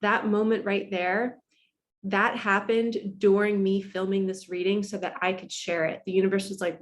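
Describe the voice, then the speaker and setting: A woman's voice: medium pitch, moderate pace. A woman giving a tarot reading from her apartment, telling stories in a chatty way and acting out the people she quotes. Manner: chatty storytelling, quotes others in lively voices. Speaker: spiritual tarot reader. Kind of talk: casual spiritual vlog talk.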